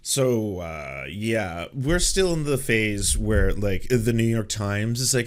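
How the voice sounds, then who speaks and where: A man's voice: fairly low pitch, expressive, slow pace, few pauses. A man hosting political reaction commentary, talking casually and sarcastically, swearing and doing mocking impressions.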